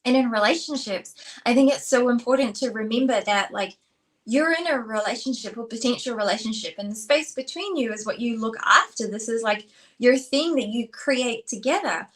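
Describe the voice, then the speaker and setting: A woman's voice: a little high, normal speed. A woman co-hosting a relationship talk show, chatting casually with many fillers and acting out little quotes. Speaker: co-host, relationship expert. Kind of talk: casual chat.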